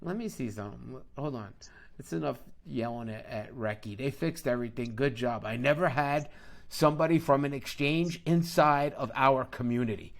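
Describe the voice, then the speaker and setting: A man's voice: mid-range voice, normal speed, vocal fry. A man hosting a live trading video call, talking brash and profane and joking a lot. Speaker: crypto trading host.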